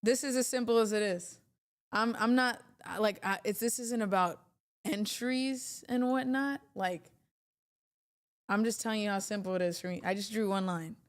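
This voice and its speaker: A woman hosting a casual trading livestream, chatty and animated, talking straight to her chat. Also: mid-range voice, normal speed.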